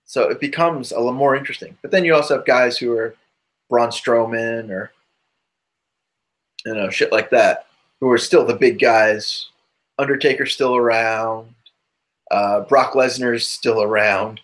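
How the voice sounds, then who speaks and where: A man's voice: medium pitch, steady tone, unhurried, fairly bright tone. Rambling man co-hosting a podcast. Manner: rambling and loose, full of asides. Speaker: podcast co-host. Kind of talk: casual chat.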